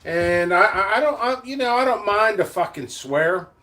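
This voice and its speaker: High-voiced, bright man ranting angrily. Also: expressive, normal speed. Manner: angry, profane ranting; blunt and rambling with restarts. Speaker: seed vendor. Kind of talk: vlog rant to camera.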